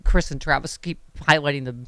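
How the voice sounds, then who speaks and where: A woman hosting a political talk show, chatting casually with quick, wry, joking asides. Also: low voice, fairly bright tone, no echo. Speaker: talk radio host.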